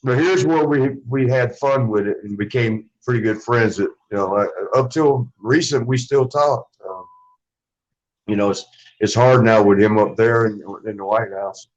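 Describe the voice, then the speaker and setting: A man's voice: mid-range voice, normal speed, highs cut off. Rambling man telling wrestling stories. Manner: rambling, swears freely, acts out quotes of others. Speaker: interview guest, former wrestler. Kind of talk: casual storytelling.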